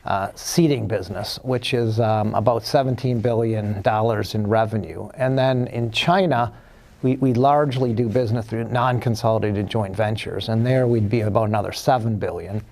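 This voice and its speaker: A man appearing as a studio guest executive, answering questions in a measured way with frequent fillers and restarts. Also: on the low side, fairly even intonation, darkish tone. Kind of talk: business interview answers.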